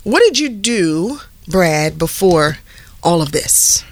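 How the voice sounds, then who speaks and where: Brief: middle-aged woman, ex-radio host, lively storyteller, dry close sound. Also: on the low side, takes it slowly, no room sound. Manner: animated storyteller, does voices and laughs often. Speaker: guest, TV host and former radio personality. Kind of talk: casual interview chat.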